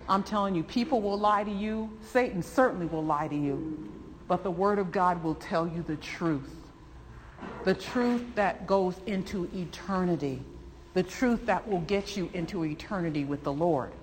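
A preacher teaching a sermon from study notes, speaking emphatically and repeating key phrases, building to excited fervor. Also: medium pitch, moderate pace. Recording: long hall reverb, faint background noise.

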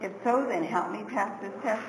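A woman's voice: mid-range voice, normal speed. A woman sharing a heartfelt personal faith testimony in a Bible class, telling her story earnestly. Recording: roomy hall with background noise.

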